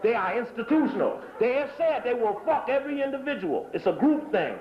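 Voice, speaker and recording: Man, high-pitched voice, fiery rushed lecture, blunt and profane, muffled lo-fi tape. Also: very animated. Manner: hurried, emphatic, profane, repeats phrases. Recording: dull lo-fi tape recording.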